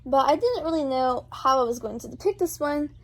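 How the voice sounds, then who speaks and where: A woman's voice: high voice, animated, a little fast, no room sound. A woman talking chattily over a speedpaint video, bubbly and rambling, with lots of filler words. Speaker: art channel host.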